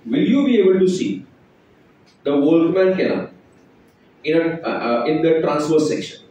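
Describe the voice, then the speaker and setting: A man's voice: fairly high pitch, lively intonation, moderate pace, dark tone, recorded from a distance, a little hiss or hum. A male biology teacher with an Indian accent, lecturing a class and firing questions at the students. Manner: quizzes students, mixes English, Hindi and Marathi. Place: large echoey classroom. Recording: echoey room, voice off-mic.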